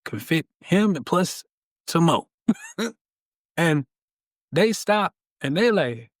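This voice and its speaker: Animated storytelling man with a preacher feel, bouncy pitch, dry close mic. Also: takes it slowly, pauses often, no room sound. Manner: emphatic, draws out key words. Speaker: podcast guest.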